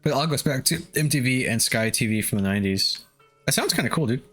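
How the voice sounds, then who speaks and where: A man's voice: mid-range voice, animated, fast talker, fairly bright tone, faint music behind. A young man streaming a game, chatting casually with viewers, laid-back, swearing and laughing often. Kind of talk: casual gameplay chat with viewers.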